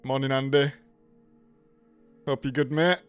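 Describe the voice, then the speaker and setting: A man's voice: mid-range voice, fairly even intonation, a little slow, smooth, faint music behind. A man hosting a casual live stream, nasal and congested from a cold, greeting viewers by name.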